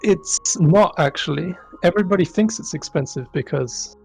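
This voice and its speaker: Guy with a gravelly voice, deadpan jokes, faint music in the background. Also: a little high, moderate pace, poor audio. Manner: dry, deadpan humor, laughs often. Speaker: interview guest, asset developer. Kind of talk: casual live-stream interview.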